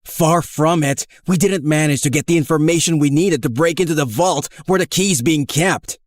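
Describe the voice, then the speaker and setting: A man voicing a dry, sarcastic young male secret agent in an animated story. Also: on the high side, moderate pace, dry recording, close to an everyday voice. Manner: dry, teasing, deadpan.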